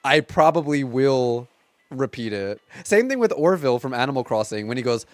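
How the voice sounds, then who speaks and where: A man's voice: medium pitch, expressive, moderate pace, no room sound, faint music behind. A man in his thirties chatting casually on a live stream from home, rambling along with lots of filler words.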